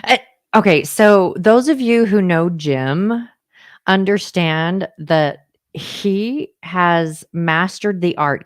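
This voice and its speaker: Low-voiced woman co-hosting a chat. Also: no echo, clean studio sound. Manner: chimes in with agreement and quick asides. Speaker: co-host, auto finance coach. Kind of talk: casual conversational podcast.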